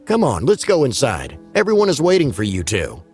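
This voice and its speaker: A man voicing a gentle, welcoming mother in a spooky story. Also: mid-range voice, huge pitch swings, a little fast, slightly rough, faint music behind, exaggerated voice. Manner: gentle, warm.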